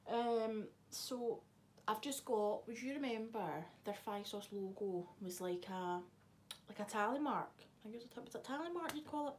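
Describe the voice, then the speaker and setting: Speaking at a moderate pace in a voice on the high side, a young woman vlogs casually to camera. She swears freely while teasing someone off camera, and the recording carries a little hiss or hum.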